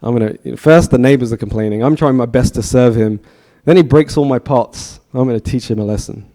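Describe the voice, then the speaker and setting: A man's voice: mid-range voice, brisk, dark tone, close to an everyday voice. A man voicing an exasperated mother who is determined to teach her mischievous little boy a lesson. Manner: fed-up, determined scolding.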